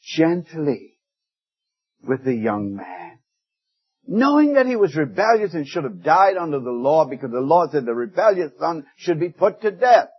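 A man preaching a sermon, telling stories in a folksy way, pushing up for emphasis and dropping soft for quoted words. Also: a little high, sing-song, brisk, hardly any pauses, slightly rough, lo-fi sound. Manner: folksy storytelling with rising emphasis and hushed quoted lines.

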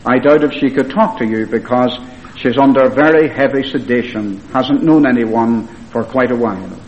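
A brisk ward nurse, a woman, talks in a matter-of-fact, reluctant way, retold by a male preacher in close to his own voice. The sound is dull and lo-fi, like an old tape. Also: medium pitch, lightly acted. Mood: firm.

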